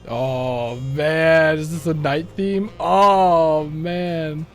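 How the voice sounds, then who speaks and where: A man's voice: on the high side, steady tone, very slow, faint music behind. Chatty young man streaming a game. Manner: chatty, rambling, laughs easily. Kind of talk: casual let's-play commentary.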